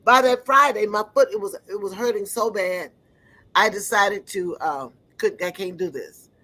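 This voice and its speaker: A woman giving an earnest personal testimony, often pausing to search for words. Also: mid-range voice, sharp tone, rough recording.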